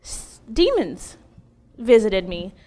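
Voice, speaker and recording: This middle-aged woman, speaking at a slow pace and medium pitch, recounts her testimony in an interview. She's emotional and lively, breaking into frequent laughter and performing her own past words.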